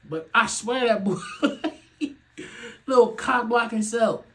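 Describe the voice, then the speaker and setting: A young man hosting a podcast, ranting in a loose comedic way. He laughs often, swears freely and swings from loud outbursts to low muttering. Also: slow, rough recording. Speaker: podcast host. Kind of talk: casual comedic rant.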